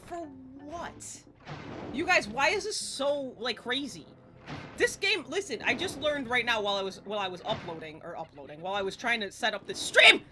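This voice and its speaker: A woman of about forty chatting casually while streaming a game live, excitable and swearing, often laughing and yelping at the screen. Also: a little high, normal speed, faint music behind. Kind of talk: live gameplay stream chat. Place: home streaming setup in front of a green screen.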